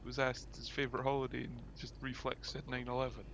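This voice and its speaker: A man's voice: mid-range voice, monotone, fast talker, a bit bright, highs cut off, slight background noise. A male podcast host chatting casually and joking while playing a game. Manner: playful, joking banter. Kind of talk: casual chat while gaming.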